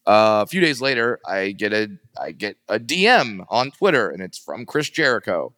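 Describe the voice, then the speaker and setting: A low, smooth and resonant man's voice, a stand-up comedian chatting and telling stories. He leaps into high squeaky voices when he quotes people. The sound is close and dry. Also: moderate pace, dry recording. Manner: animated, acts out quoted voices in a high pitch. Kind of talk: casual storytelling interview.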